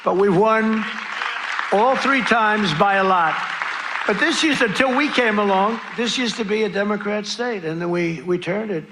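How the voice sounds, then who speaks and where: A man's voice: high voice, normal speed. Boastful man giving a rally speech. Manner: boastful, repetitive, rambling asides. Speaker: political rally speaker. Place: large rally venue. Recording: crowd noise from a live rally. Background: cheering crowd and ambient noise.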